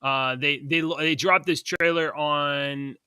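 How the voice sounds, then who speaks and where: A man's voice: a little high, fairly even intonation, slow, pushed and bright, clear, resonant tone, no echo, clean studio sound. A man co-hosting a podcast in casual chat, rambling and chatty, laughing between points. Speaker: podcast co-host.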